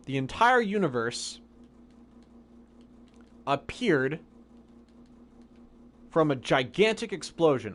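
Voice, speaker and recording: A young man live-streaming a game, casually and patiently explaining science questions from chat. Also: a little high.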